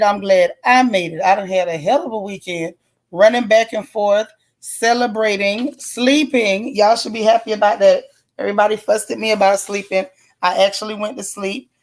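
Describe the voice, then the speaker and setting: A woman hosting a casual live stream, chatting in folksy slang and greeting viewers one by one by name. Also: mid-range voice. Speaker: livestream host.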